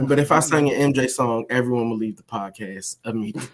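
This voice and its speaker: A man's voice: medium pitch, a little fast, slight background noise. A man joking around as a guest on a casual gaming podcast, stumbling into restarts and laughing. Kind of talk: casual chat.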